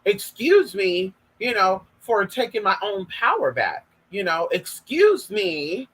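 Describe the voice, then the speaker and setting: A man's voice: sits high, very animated, slow pace, hardly any pauses, a bit bright, slightly rough, low-quality recording. A young man from Northern California telling gossipy stories to his viewers in a casual vlog, sassy and profane, calling them girl and y'all. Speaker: vlogger. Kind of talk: casual storytelling monologue.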